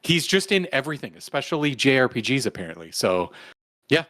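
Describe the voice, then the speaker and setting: A man's voice: medium pitch, very animated, brisk, bright, forceful tone, no echo. A man in mid range chats casually as a podcast co-host, wandering through his thoughts with lots of "like" and "um". His voice sits close and dry, with no room sound around it. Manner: rambling, full of "like" and "um". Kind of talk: casual chat.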